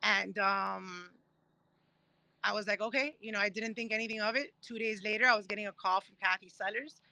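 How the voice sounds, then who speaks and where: A woman in her thirties, a guest telling her story in a casual interview, animated and acting out what others said. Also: mid-range voice, a little fast, vocal fry, no room sound. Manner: animated, acts out quoted voices while telling stories. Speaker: guest, Paralympic discus thrower.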